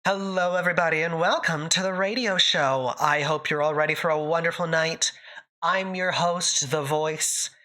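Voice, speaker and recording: A woman's voice: low-pitched, normal speed, pushed and bright. A woman voicing a chipper old-time radio host in a mid-Atlantic accent, with a theatrical announcer lilt. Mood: smooth.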